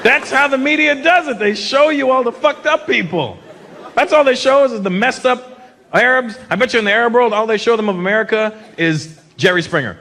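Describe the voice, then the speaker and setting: A man in his fifties from Canada doing a stand-up comedy set in a large theater, animated and slipping into mocking put-on voices. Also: extremely high pitch, fairly quick. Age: 50s. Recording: live show with crowd noise. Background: laughing audience.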